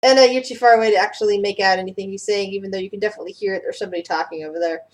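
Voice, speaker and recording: A woman's voice: mid-range voice, steady tone, rapid-fire, rough recording. A woman running a tabletop game as game master, describing scenes with many fillers and restarts.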